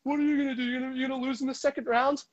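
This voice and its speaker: A man's voice: extremely high pitch, level tone, racing, dull audio, pitched above the performer's own voice. A man mocking a boastful taunting hockey fan. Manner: mocking, sing-song taunts.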